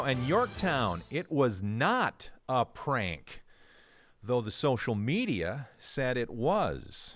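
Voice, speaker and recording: A man's voice: mid-range voice, takes it slowly, faint music behind. A man hosting a live local morning radio show from the studio, chatty and jokey, a little out of breath. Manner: chatty and lively, jokey asides. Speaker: radio host. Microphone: studio microphone with headphones.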